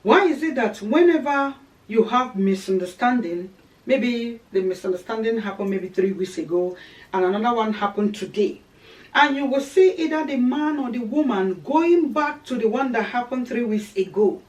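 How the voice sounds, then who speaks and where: A woman's voice: on the high side, darkish tone, far from the mic, low-quality recording. A woman giving earnest, preaching-style marriage advice, repeating her key phrases for emphasis. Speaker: Christian teacher on marriage.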